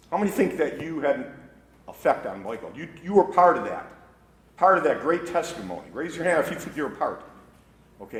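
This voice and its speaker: A man in his sixties, a wrestling coach and educator, giving an animated storytelling speech to a school faculty and laughing at his own anecdotes. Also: mid-range voice. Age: 60s. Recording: echoey room, faint background noise.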